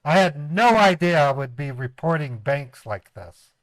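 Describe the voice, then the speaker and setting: A man's voice: a little high, expressive, measured pace, dry recording. Chatty man with a dry close sound. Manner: chatty, laughs often, slips into voices. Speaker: streamer, scam baiter. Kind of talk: casual livestream chat.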